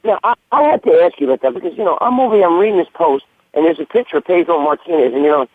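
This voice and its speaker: A man rattles on quickly in a raised voice, swearing and rambling through crude banter as a show's co-host. His voice comes over a thin, phone-like line with no room sound at all. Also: on the high side, animated, no echo. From United States. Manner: rambling, profane, full of "you know what I mean". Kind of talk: crude casual chat. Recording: tinny phone-like line, dry.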